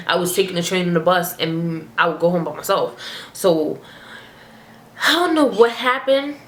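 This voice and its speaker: A young woman, a vlogger, telling a casual, animated storytime in slangy everyday speech. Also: on the low side. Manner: chatty, animated, slangy storyteller who breaks into character voices. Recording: roomy echo, faint ambience.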